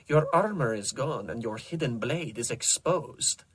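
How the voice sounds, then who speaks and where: A man voicing a teasing, commanding female assassin in a low, purring voice. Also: lively intonation, unhurried, fairly bright tone, breathy edge. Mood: sultry.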